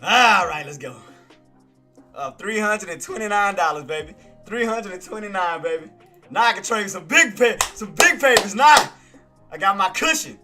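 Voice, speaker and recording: A man giving live trading commentary, excitable and boastful, repeating himself as he shows his gains to viewers. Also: sits high, moderate pace, over music. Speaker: day-trading streamer.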